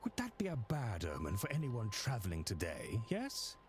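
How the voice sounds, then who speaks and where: An actor playing a fussy, gossiping gentleman in a game, prim and theatrical. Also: on the low side, wildly swooping pitch, moderate pace, faint music behind.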